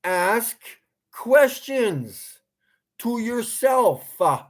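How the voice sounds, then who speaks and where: A man delivering a heated vlog rant, swearing freely and lecturing his audience. He talks slowly and his pitch leaps up and down as he goes from scolding to laughing at himself. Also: expressive. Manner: angry, profane ranting, breaking into laughter; lecturing, repeats commands. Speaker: vlogger. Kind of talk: ranting monologue to camera.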